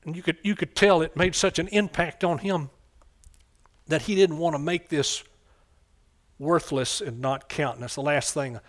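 A middle-aged man preaching a fervent sermon, calling out for amens and swinging between soft asides and loud bursts. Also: on the high side, normal speed.

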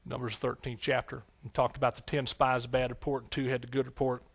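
A middle-aged man, a pastor, giving an emotional sermon testimony that swings between hushed, tearful moments and loud exclamations. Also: mid-range voice, level tone, quick pace, vocal fry.

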